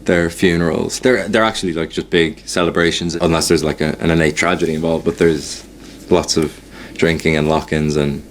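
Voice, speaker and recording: An Irish man with a very low voice gives relaxed, measured answers, explaining things patiently. A faint hiss of background noise sits under his voice. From Ireland. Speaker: interviewee.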